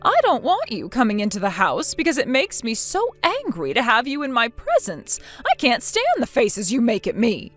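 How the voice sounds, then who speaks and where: A synthetic woman's voice playing a spiteful, bossy older mother-in-law in a text-chat story, scolding with contempt and a lively pitch. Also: moderate pace, hardly any pauses, soft background music, exaggerated voice. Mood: scornful.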